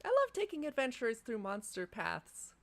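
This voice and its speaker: A man voicing a cheerful male guide of monster paths in a tabletop game, with a very high squeaky voice. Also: wildly swooping pitch, normal speed, gravelly, exaggerated voice. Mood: gleeful.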